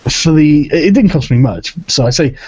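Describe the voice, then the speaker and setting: A man's voice: fairly high pitch, lively intonation, moderate pace, darkish tone, breathy edge. A British man in a casual online group chat, stammering through restarts and swearing casually. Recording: dull lo-fi online call.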